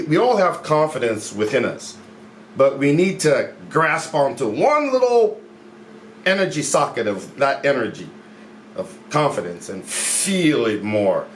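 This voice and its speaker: Man, motivational vlog, casual and upbeat, drawn-out emphasis, echoey room, faint background noise. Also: mid-range voice. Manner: upbeat, repeats phrases, stretches key words slowly. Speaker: mindset coach. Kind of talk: casual motivational talk to camera.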